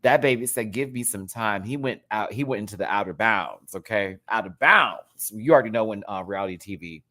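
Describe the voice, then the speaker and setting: A woman's voice: a bass voice, expressive, brisk, a bit bright. A woman hosting a live reality TV episode review, chatty and teasing, laughing often.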